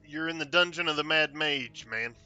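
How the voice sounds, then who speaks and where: Bright, sharp-toned joking male player. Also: a little high, normal speed, clean tone, dull audio, faint music behind. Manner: joking, swears freely. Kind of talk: casual tabletop role-play.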